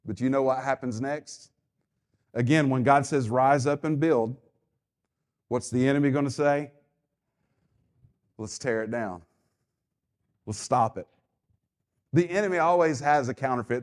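A pastor preaching a sermon with emphatic, repetitive phrasing and call-and-response to the congregation. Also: male voice, mid-range voice, darkish tone.

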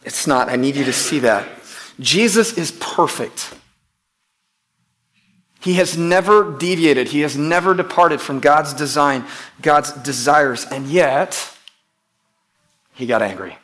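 Man, pastor, sermon, fairly high voice, emphatic, repeats phrases, asks the congregation questions. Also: slow pace, pauses often, fairly bright tone.

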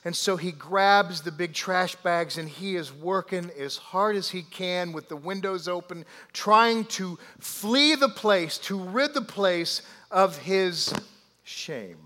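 A man preaching a sermon, telling a story animatedly with drawn-out pauses and asides to the congregation. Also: sits high, bright, forceful tone. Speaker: pastor. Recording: long hall reverb.

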